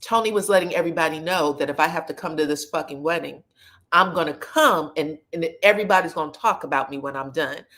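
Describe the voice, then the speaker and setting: A woman's voice: low-pitched, quick pace. Sassy woman recapping reality TV gossip. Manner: chatty and sassy, quoting people in lively put-on voices.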